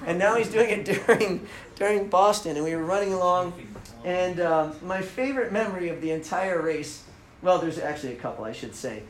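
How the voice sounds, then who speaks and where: A man telling a story in a casual talk, animated, often laughing and acting out the lines he quotes. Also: high-pitched, brisk, reverberant, poor audio. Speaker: speaker telling a running story.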